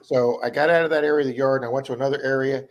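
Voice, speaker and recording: A metal detectorist hosting a laid-back live stream fires off long, wandering stories at rapid speed, playing the parts of people he ran into. His medium-pitched voice stays steady in tone, and noise can be heard in the background.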